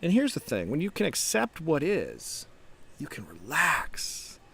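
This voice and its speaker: A man's voice: on the high side, huge pitch swings, measured pace, creaky, fairly bright tone, slightly rough. A middle-aged man giving a casual motivational talk to camera, reflective, with restarts and rhetorical questions. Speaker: startup founder and coach.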